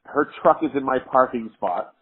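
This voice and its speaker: A man's voice: mid-range voice, lively intonation, moderate pace. A drunk man telling a rambling, profane story over the phone, laughing often. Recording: muffled phone line.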